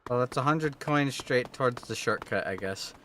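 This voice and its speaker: A man streaming a video game live, reacting in an excitable, joking and profane way. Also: mid-range voice, moderate pace, a little hiss or hum. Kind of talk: live gameplay commentary. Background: game music.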